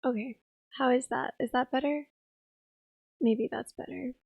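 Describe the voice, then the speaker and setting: Hoarse, raspy young woman streaming. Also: sits high, fairly even intonation, a little slow, no echo, narrow, tinny audio. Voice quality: rough, raspy voice. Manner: chatty, giggly, reads chat aloud. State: hoarse, tired voice. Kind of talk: casual live-stream chat.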